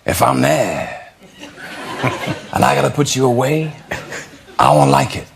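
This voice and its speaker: A man doing an impression of an intense, hard-nosed cop, slow and gravelly, swelling to bursts. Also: medium pitch, sing-song, background noise, full character voice. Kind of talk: stand-up impression.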